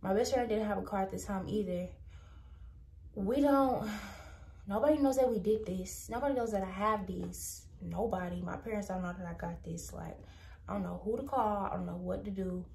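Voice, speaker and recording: A young woman, telling a storytime vlog in an animated way and saying "like" a lot. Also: medium pitch, normal speed, vocal fry, distant mic. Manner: animated, repeats "like" and "I'm like". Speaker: vlogger. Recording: echoey room.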